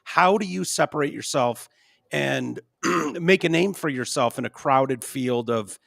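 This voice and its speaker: A man hosting a podcast in casual chat, halting with fillers and frequent throat-clearing. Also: medium pitch, a bit bright, no echo, studio quality. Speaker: podcast host.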